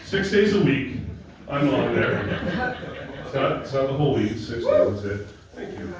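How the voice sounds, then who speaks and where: A young stand-up comic performs a crude, rambling, self-mocking set on a comedy club stage. His medium-pitched voice swings widely in pitch at a moderate pace, and the recording is noisy, echoey, and far from the mic, with a crowd audible behind him.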